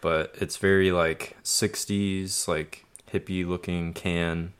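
Deep-voiced easygoing male guest. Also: little pitch movement, takes it slowly, a bit bright, smooth. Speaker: podcast guest. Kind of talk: casual chat.

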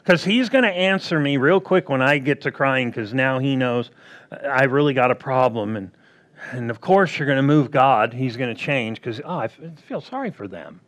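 A man preaching a sermon, acting out quoted voices and swinging between loud bursts and hushed asides. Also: medium pitch, lively intonation, normal speed.

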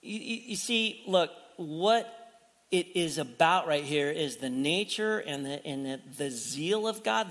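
In a large hall, a man with a high, slightly bright voice preaches a sermon. This pastor keeps it conversational, posing rhetorical questions to the congregation.

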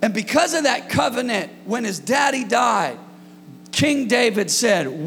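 A male pastor delivers an energetic sermon in a high, gravelly voice, calling out to his congregation and rising into shouts. The hall gives his voice a long reverb, with a faint hum underneath. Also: unhurried. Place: church hall.

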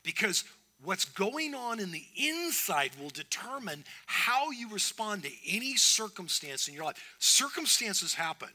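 A man's voice: high voice, big pitch swings, a little slow, sharp tone. A man preaching a sermon as pastor, earnest and emphatic, often restarting his phrases.

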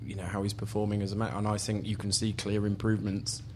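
A man's voice: fairly low pitch, completely flat delivery, quick pace, a little mellow, slight background noise. A man on a football podcast panel, giving opinions in casual chat with frequent "you know" fillers.

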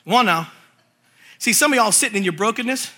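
A man preaching a sermon, reading scripture slowly and telling animated stories with jokes. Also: sits high, breathy edge. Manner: animated storytelling, jokes and voices; reads scripture slowly and forcefully. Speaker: pastor.

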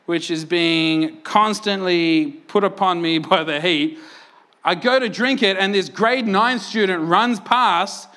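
A young Australian pastor telling a story from the pulpit, animated and joking at his own expense. His voice sits high for a man and comes out bright and forward. He keeps tossing quick checks to the congregation as he talks. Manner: animated, self-mocking, conversational, frequent "right?" and "like". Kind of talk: sermon with personal storytelling.

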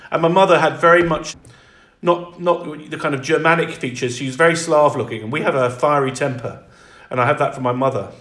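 A man speaking as an interview guest in reflective conversation, halting and restarting often. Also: a little high, a bit bright, roomy sound.

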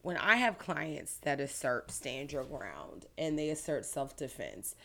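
A woman from Florida, an attorney, lays out events in earnest detail. Her voice sits very low. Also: sing-song, measured pace, vocal fry, fairly bright tone. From Pinellas County, Florida. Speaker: guest attorney. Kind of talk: interview answers.

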